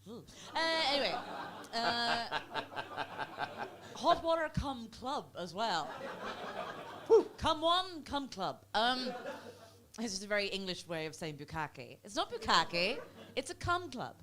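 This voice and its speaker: Doing stand-up in a club with a crowd in the background, a young Belfast woman from Northern Ireland is very animated and a little slow. She chats, teases and mocks herself, breaking into high put-on voices.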